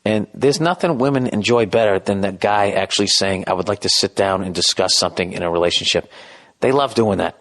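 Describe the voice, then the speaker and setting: A man's voice: fairly low pitch, a little fast, a bit bright. A middle-aged man hosting a podcast, rambling through a profane, self-deprecating comedic monologue. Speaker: podcast host.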